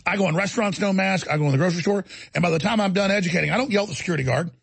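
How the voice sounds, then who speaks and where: Male talk radio host, raspy and fried, high-ish, intense ranting delivery. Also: racing, no room sound. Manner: intense, mocking put-on voices, ranting. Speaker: radio show host taking calls. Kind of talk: heated talk radio rant.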